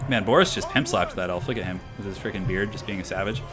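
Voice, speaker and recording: A young man streaming a strategy game, commentating in a chatty, excitable, slangy way, tired and a little out of breath. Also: deep voice, quick pace, music in the background. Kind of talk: casual live-stream commentary.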